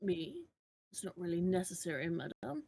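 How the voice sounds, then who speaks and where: A woman's voice: lowish voice, sing-song, normal speed, vocal fry, warm tone, husky, heavily acted. A woman putting on a haughty French priest. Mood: indignant. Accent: put-on French. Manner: indignant and protesting. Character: haughty indignant male priest.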